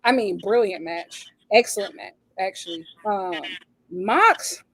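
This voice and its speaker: A woman co-hosting a podcast, talking casually in an animated, slangy way. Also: medium pitch, a little slow, slightly rough, no echo, low-quality recording. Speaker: podcast co-host. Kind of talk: casual chat.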